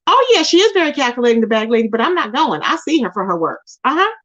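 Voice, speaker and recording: A woman's voice: high-pitched, very animated, quick pace, fairly bright tone. A woman hosting her own commentary channel, ranting and scolding someone directly and repeating their name. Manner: scolding, confrontational, keeps repeating the target's name. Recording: dull lo-fi recording.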